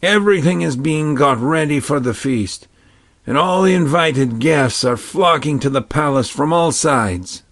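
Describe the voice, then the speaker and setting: A man voicing a kindly old man in a storybook reading, with a lifted, lively delivery. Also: fairly high pitch, measured pace, no room sound, clean studio sound, voice pushed up. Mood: eager. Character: kindly old man, eager bearer of news.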